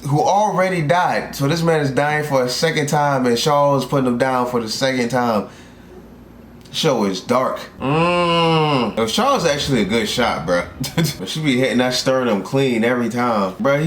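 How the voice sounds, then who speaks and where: A young man from South Carolina, reacting to an anime in casual, excitable and profane commentary from a room at home. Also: medium pitch. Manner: excitable, profane, animated outbursts. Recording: roomy echo, faint background hiss.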